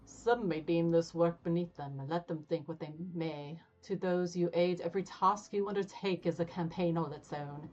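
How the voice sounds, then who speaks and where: A woman voicing a stern, formal male battle commander in a deliberately dramatic way. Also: on the low side, fairly even intonation, a little mellow, close to an everyday voice. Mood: solemn. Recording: slightly dull audio with game music.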